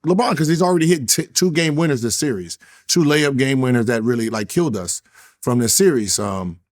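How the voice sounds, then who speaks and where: A man in a casual interview, telling a long story full of swearing. He gets animated and acts out what others said in a raised voice. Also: mid-range voice, brisk. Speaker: interview guest, former basketball player.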